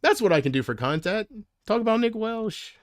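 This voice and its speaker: A man's voice: sits high, sing-song, brisk, no echo, studio quality. A man chatting casually on a livestream, rambling from thought to thought and often trailing off.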